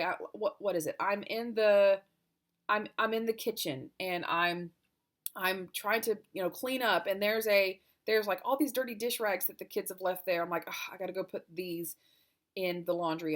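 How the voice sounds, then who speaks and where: A woman, probably in her thirties or forties, talking through her struggles as a homeschooling mom in a rambling, self-critical confessional vlog, holding back tears. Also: medium pitch. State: near tears.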